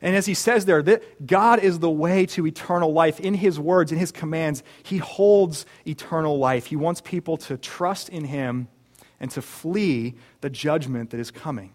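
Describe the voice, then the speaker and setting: Male pastor, earnest sermon delivery, slightly high-pitched voice, rhetorical asides. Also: moderate pace. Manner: earnest, with rhetorical questions and restarts.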